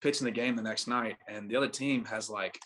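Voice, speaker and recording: A man's voice: fairly low pitch, fairly even intonation, a little fast, fairly bright tone, slight background noise. A young adult man, a guest on a podcast, telling a long story in a laid-back, rambling way full of "like" fillers. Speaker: podcast guest, baseball pitcher. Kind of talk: casual storytelling.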